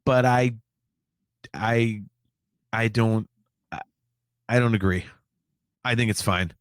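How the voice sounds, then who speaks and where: A man's voice: on the low side, takes it slowly, smooth, dry recording, clean studio sound. A man co-hosting a podcast, talking in casual chat, rambling and repeating his words as he argues a point. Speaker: podcast co-host.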